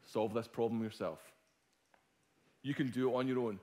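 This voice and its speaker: A middle-aged Scottish man preaching a sermon as a guest speaker, telling a personal story with swings from hushed to loud. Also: medium pitch, fairly even intonation, normal speed, pauses often. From Scotland.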